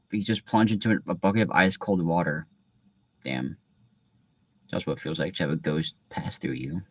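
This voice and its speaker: A young man reads a storybook aloud, then drifts into laid-back chatty asides full of filler words. His voice sits on the low side. The recording is close and dry. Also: no room sound. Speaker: reader. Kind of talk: reading aloud with casual commentary.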